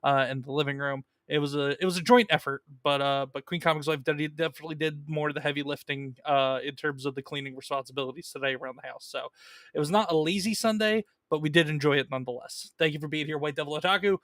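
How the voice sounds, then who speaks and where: A man's voice: on the high side, fast, a bit bright, dry recording, studio quality. A man hosting a casual live stream about comic books, chatting loosely and reading viewer messages, with plenty of fillers and restarts.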